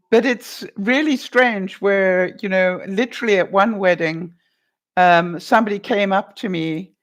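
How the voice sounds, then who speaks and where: A woman vlogger talks casually to her viewers and replies to their comments. She tells stories in a chatty way and laughs often. Her voice sits in a middle pitch range.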